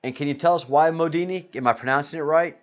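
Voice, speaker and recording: A man's voice: a little high, fast. A man hosting a casual live stream, rambling as he reads out viewers' names from the chat. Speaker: livestream host. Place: Spain. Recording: slightly dull lo-fi audio.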